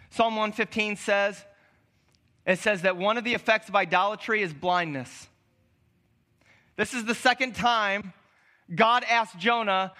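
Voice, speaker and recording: A male pastor delivering a sermon with a very high, bright voice. He tells the story in an animated, playful manner, commenting and teasing as he goes. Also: a little slow, long pauses.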